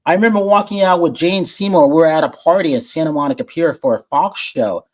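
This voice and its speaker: Fast and on the high side, this man's voice carries a warm, friendly voice-over quality as he guests on a podcast. An entertainment journalist, he tells animated stories in casual interview style, acting out quoted voices. He frequently restarts, repeating words when starting a sentence.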